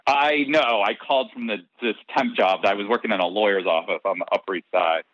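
A man being interviewed tells a long personal anecdote in a casual, animated way, acting out the dialogue and laughing between lines. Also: fairly low pitch, quick pace, no echo. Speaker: interview guest. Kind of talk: casual storytelling. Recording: dull, lo-fi dry recording.

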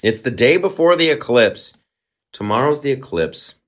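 A man's voice: mid-range voice, lively intonation, normal speed, fairly bright tone. A man hosting a comedy podcast in a rambling, joking monologue full of asides. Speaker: podcast host. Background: faint guitar.

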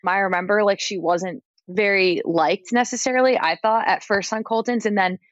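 A woman's voice: medium pitch, fairly even intonation, moderate pace, no room sound, highs cut off. A woman guest on a podcast in casual chat, talking loosely with frequent "like" fillers. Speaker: podcast guest, entertainment editor.

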